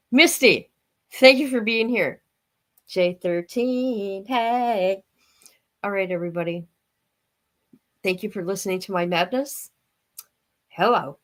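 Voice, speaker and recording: Rambling middle-aged woman streamer. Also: fairly low pitch. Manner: rambling, blunt, chatty. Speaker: livestream host. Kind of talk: casual livestream chat.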